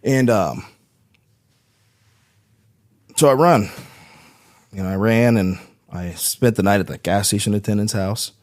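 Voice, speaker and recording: A man with a fairly low voice tells his story casually as a podcast guest. He rambles and swears freely, checking in with "right?" as he goes. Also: normal speed, darkish tone. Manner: profane, rambling, frequent "right?" tags. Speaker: podcast guest, Marine veteran.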